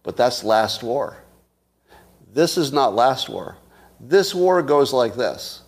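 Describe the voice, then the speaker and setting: A man's voice: mid-range voice, expressive, slow pace. A man giving a casual political monologue, blunt and profane, firing off rhetorical questions. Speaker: commentator.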